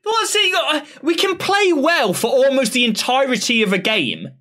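A man's voice: very high-pitched, big pitch swings, moderate pace, pushed and bright. A man reacting to a football match, stumbling over his words and then crying out at the goals. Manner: stammering, then exclaiming. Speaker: football fan.

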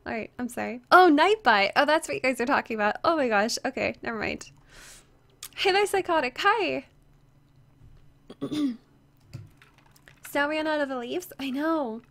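A woman's voice: sits high, lively intonation, normal speed, vocal fry, long pauses, fairly bright tone. Chatty young woman with a strained voice. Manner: chatty, reads chat aloud, greets viewers by name, many "like" fillers. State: slightly strained voice, resting it. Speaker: game streamer. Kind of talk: casual livestream chat. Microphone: headset.

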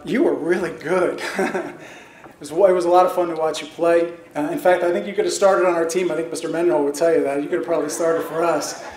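A man's voice: a little high, a little mellow. A middle-aged man giving a chatty, self-deprecating banquet acceptance speech as a hall of fame inductee, laughing at his own stories. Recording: roomy hall with faint noise.

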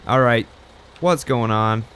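A man's voice: medium pitch, takes it slowly, a bit bright, slight background noise. A young man rambling through casual gameplay commentary, chatty and self-deprecating. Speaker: gaming channel host.

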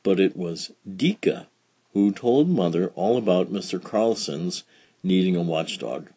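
A man reading a children's picture book aloud in a slow, expressive, gentle storytelling manner. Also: low voice, breathy edge, no room sound. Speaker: storybook reader.

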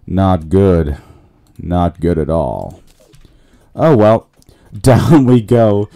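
A man's voice: low voice, dark tone. A man giving casual let's-play commentary, muttering a running narration of what he does to himself and his viewers. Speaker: gaming channel host.

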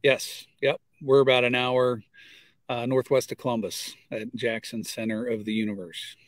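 A man's voice: medium pitch, little pitch movement, normal speed, no room sound. A man speaking as a guest on a casual show over a video call, giving friendly, short answers. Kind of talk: casual chat.

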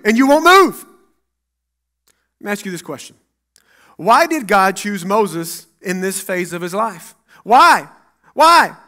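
A man preaching a sermon as pastor in a church, acting out Bible dialogue and swinging between loud and hushed. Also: very high-pitched.

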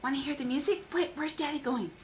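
A woman's voice: sits high, fast, rough recording. A mother filming her toddler at home on a camcorder, coaxing him in a playful, sing-song way. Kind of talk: home video chat. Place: apartment indoors. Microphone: camcorder built-in mic, behind the camera.

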